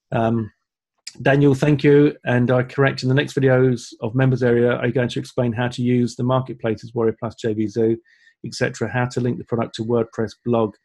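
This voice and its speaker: A man's voice: mid-range voice, vocal fry, darkish tone. A man co-hosting a live online Q&A, reading out viewer comments and laughing easily. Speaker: webinar co-host. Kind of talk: live Q&A chat.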